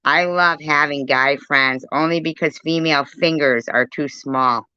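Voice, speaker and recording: A furious woman rants on a livestream, hurling profane insults as she reads the chat. Her voice is bright and forceful, and the recording sounds dull and lo-fi. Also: low voice, unhurried, clear, resonant tone, dry recording. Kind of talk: angry livestream rant.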